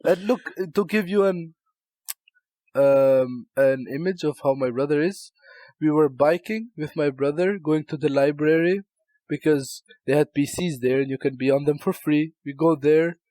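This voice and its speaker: A young man from Albania co-hosting a podcast, telling animated stories full of swearing and laughter. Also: a little high, moderate pace, no room sound. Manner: animated storyteller, swears a lot, laughs often. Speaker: podcast co-host. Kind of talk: casual chat, storytelling.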